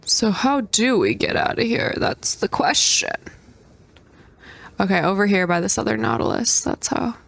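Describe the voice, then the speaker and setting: A young adult woman giving gameplay commentary, excitable and prone to squealing outbursts. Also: medium pitch, normal speed, vocal fry. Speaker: gaming creator.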